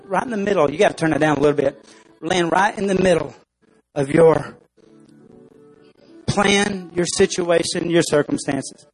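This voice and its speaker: A man's voice: fairly high pitch, poor audio. A man preaching a sermon as pastor, speaking emphatically and acting out stories for his congregation.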